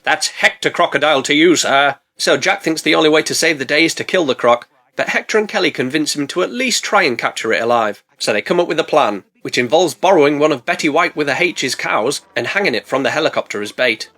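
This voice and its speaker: A man narrating a comedic film recap, sarcastic and deadpan, full of puns. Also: on the high side, fast talker. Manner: sarcastic, punning, deadpan asides. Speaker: film reviewer.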